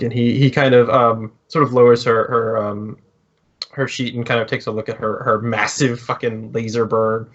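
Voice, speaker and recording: A man as game master, narrating a tabletop game with hesitant pauses and restarts. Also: mid-range voice, level tone, lo-fi sound. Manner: hesitant, lots of ums and restarts.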